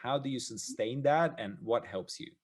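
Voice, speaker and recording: A man hosts an interview podcast at a mid pitch, his questions halting and full of small restarts. He praises the answers warmly and keeps the talk moving with short encouragements. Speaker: podcast host.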